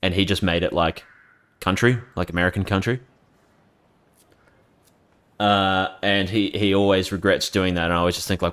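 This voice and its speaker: A man's voice: deep voice, fairly even intonation, moderate pace, pauses often, a bit bright, clear, resonant tone. A man giving casual gameplay commentary as a streamer, chatting in a rambling, casually profane way.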